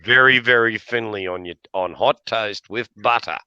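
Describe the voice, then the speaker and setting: A man's voice: on the low side, normal speed, sharp tone, clean tone, dry recording, lo-fi sound. An Australian man in casual chat, spinning tall tales with lots of laughter and the odd swear word. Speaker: podcast regular.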